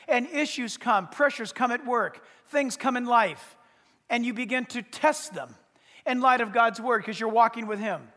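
A male pastor preaching a sermon, emphatic, often pausing to say "listen" to press his points. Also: very high-pitched, fairly bright tone. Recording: reverberant hall.

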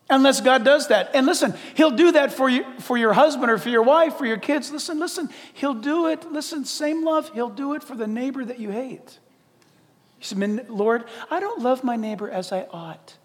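A male pastor preaching an animated, conversational sermon with humor. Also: very high voice, moderate pace, long reverb tail.

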